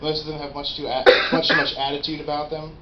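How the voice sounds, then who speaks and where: A young man doing a stand-up routine in a rambling, animated, profane way at a small live venue. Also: fairly high pitch, fast talker. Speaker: stand-up comedian. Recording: roomy, dull, noisy live room.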